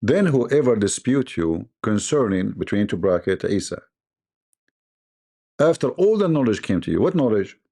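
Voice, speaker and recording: A man's voice: fairly low pitch, big pitch swings, normal speed, gravelly, mellow. A man hosting a livestream, giving mocking commentary in a sarcastic manner, laughing often and mimicking voices. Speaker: livestream host.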